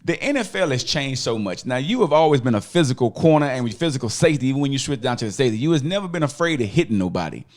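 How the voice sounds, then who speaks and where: A man hosting a casual interview, asking questions with playful quips and street slang. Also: medium pitch. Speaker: podcast host.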